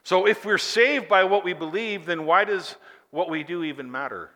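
High bright-voiced preacher in a reverberant hall. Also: male voice, moderate pace. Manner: emphatic, rhetorical questions, swings from loud to hushed. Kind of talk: sermon.

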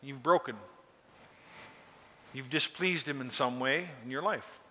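A man's voice: mid-range voice, measured pace, bright, forceful tone, big-room sound, slight background noise. A man preaching a sermon in a folksy, conversational way, often asking his listeners questions. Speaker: pastor.

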